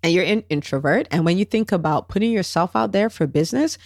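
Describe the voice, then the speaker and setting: A woman's voice: lowish voice, fast talker, dry recording. Dry-voiced woman coaching podcast host. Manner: animated, acts out quoted voices, tag questions. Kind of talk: solo podcast talk.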